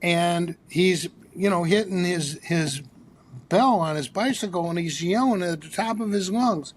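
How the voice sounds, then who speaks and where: A man with a fairly high voice is telling stories as a podcast guest. He is animated, tells anecdotes, and restarts his sentences often as he goes. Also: unhurried. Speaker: psychologist and author, guest. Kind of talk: storytelling in a podcast interview.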